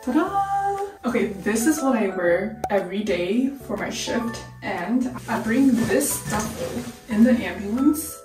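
A vlogger in her twenties talks casually to camera in a candid, chatty, slightly anxious way. Her medium-pitched voice sounds reverberant and distant from the mic, with music playing underneath.

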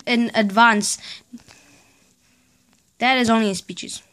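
A woman with a somewhat high voice vlogs in a loose, casual way. She rants with sarcastic exasperation and spells out letters one by one in disbelief. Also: fairly even intonation, takes it slowly, a bit bright, clean tone. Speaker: vlogger. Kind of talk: casual vlog rant.

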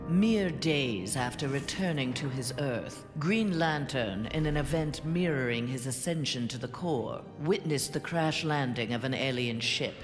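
An actor narrating a superhero game's ending in a scripted, dramatic style. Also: male voice, mid-range voice, measured pace, hardly any pauses, close to an everyday voice. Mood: solemn. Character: grave male narrator of a superhero game ending. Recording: game audio with reverb and music.

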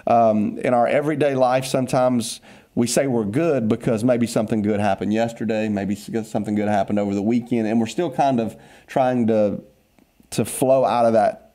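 Upbeat pastor, mellow voice. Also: male voice, mid-range voice, fairly even intonation, moderate pace. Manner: upbeat, playful teasing, then earnest encouragement. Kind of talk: casual devotional podcast talk.

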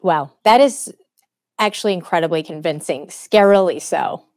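A woman's voice: fairly low pitch, moderate pace, a little mellow, dry recording, studio quality. A woman hosting a tech podcast in a friendly, easy-laughing way, sometimes restarting her sentences. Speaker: host. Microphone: studio microphone.

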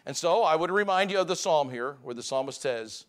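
A male pastor delivers a Sunday sermon in a church sanctuary, talking to the congregation in a conversational way. His voice sits high for a man and swings widely, climbing for emphasis and then sinking low and quiet. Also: expressive, a little fast. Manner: conversational preaching, rising for emphasis and dropping low.

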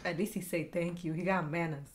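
A woman hosting a casual reaction chat, excitable, exclaiming and laughing often, swearing casually. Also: lowish voice, fairly quick, slight background noise. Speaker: reaction video host.

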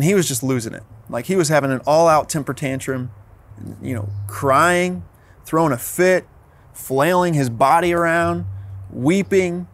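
A man in his thirties, a pastor giving a sermon in an earnest way, often repeating words as he restarts. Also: on the high side.

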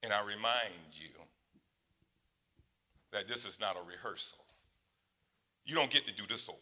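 Bright-voiced man in his sixties preaching. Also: normal speed. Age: 60s. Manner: swings from low, quiet asides to loud, high exclamations; conversational preaching with laughs and asides to the congregation. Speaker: pastor. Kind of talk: sermon.

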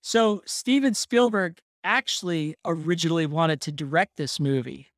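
A podcast host telling a story in casual chat, relaxed and laughing often. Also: mid-range voice, normal speed, no echo, clean studio sound.

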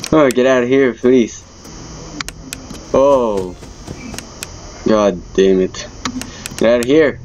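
A man doing let's-play commentary while playing a horror game, jumpy and quick to cry out when startled, recorded on a headset. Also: mid-range voice, noisy background. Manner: jumpy, exclaiming, easily startled.

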